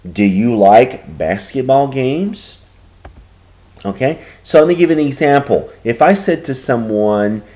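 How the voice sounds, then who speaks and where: A man teaching a recorded grammar lesson, explaining patiently and slowing down to repeat each example. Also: medium pitch, warm tone. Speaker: Spanish teacher.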